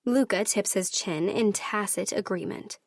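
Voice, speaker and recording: Woman audiobook narrator, first-person romance, measured and steady, dead-dry booth. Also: medium pitch, vocal fry, dry recording.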